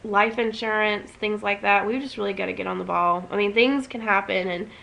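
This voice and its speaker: A woman's voice: medium pitch, steady tone, a little fast, creaky, fairly bright tone, rough recording. A young woman vlogging at home, talking emotionally and rambling with many restarts. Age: young adult. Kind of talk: casual emotional vlog.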